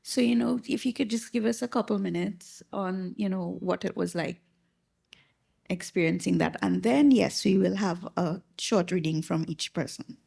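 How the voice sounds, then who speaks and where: A woman moderates a book festival panel, briskly steering the speakers and announcing readings. Her voice is strongly gravelly and husky, at a middle pitch. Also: mellow. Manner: brisk, upbeat organizer. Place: library event hall.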